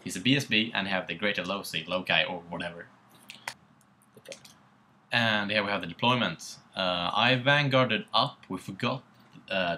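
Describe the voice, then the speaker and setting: Young Swedish guy with a Swedish accent, low voice, laid-back and sweary tabletop commentary. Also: bright, forceful tone, slight background noise. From Sweden. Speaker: co-host. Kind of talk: casual battle report commentary.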